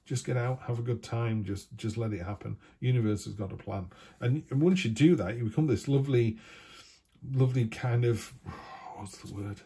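A man's voice: medium pitch, moderate pace, vocal fry, warm tone, breathy edge. A man giving a chatty, rambling tarot reading full of asides. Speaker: tarot reader.

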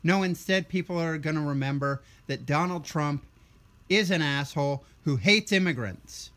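A young man with a somewhat high voice delivers a blunt, sarcastic political rant. He sounds tired, with a ranting, combative edge throughout. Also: normal speed, fairly bright tone. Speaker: vlogger.

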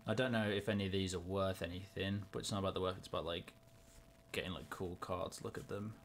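A young man chatting casually and excitedly to himself in a card-opening vlog. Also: low voice, quick pace, slight background noise. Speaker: YouTuber.

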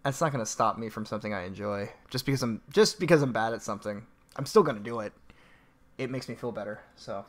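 A man's voice: lowish voice, fast. A man casually chatting with viewers on a live stream, reading out donations in a rambling, laid-back way, laughing often and swearing offhandedly.

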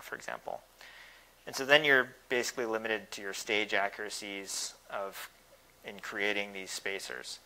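A man's voice: on the low side, sharp tone, poor audio. A man giving thoughtful, technical answers in an academic Q&A, with many small hesitations. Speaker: guest speaker answering questions.

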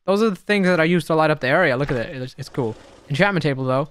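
A young man giving casual, excitable gameplay commentary, talking to the creatures on screen and swinging between muttering and sudden shouts. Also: on the high side, fast talker, clear, resonant tone. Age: young adult. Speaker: gaming YouTuber.

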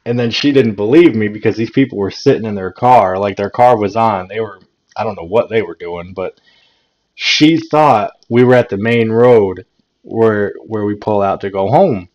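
A man's voice: lowish voice, normal speed, a little mellow. A man hosting his own channel and telling a story in a laid-back way, chuckling and repeating words as he goes. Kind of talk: casual story time vlog. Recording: dull lo-fi recording.

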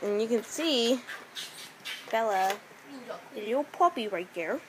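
A teenage girl chats to the camera about her pets, giggling and halting as she searches for words. Her voice sits a little high, and faint noise hums in the background. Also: animated, poor audio. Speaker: vlogger. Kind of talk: casual home video chat.

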